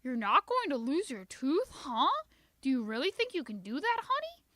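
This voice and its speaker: A gentle, coaxing old grandfather in a storybook reading, as a woman reads him in a light voice. The voice sits high and bright, with a lively lilt. The sound is close and dry. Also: normal speed, dry recording, full character voice. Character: patient, weary old grandfather.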